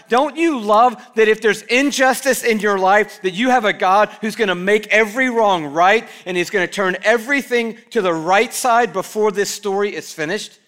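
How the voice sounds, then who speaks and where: High bright-voiced man preaching. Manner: animated preaching, acting out quoted prayers. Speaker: pastor. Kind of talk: sermon. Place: church.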